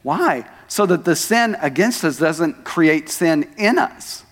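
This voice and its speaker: A male pastor preaches a sermon in a church sanctuary, speaking conversationally and tossing asides to the congregation. His voice is on the high side, animated and slow. The recording has the echo of a church hall.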